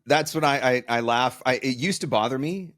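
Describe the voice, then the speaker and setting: A man's voice: mid-range voice, normal speed, fairly bright tone, dry recording, clean studio sound. A man hosting an interview, talking candidly and with self-deprecating humor. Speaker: podcast host. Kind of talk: conversational interview.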